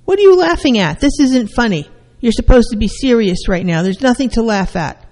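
Stern scolding parent, louder and higher than usual, as a therapist puts it on; long hall reverb. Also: little pitch movement, takes it slowly, close to an everyday voice. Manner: sharp, rebuking questions.

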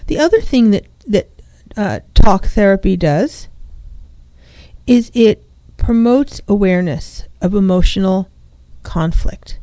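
A woman's voice: medium pitch, lively intonation, slow, dark tone, dry recording. A woman therapist hosting a radio talk show, speaking reflectively into a studio microphone. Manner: reflective, speaks in first person about feelings. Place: small studio. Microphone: studio microphone with headphones.

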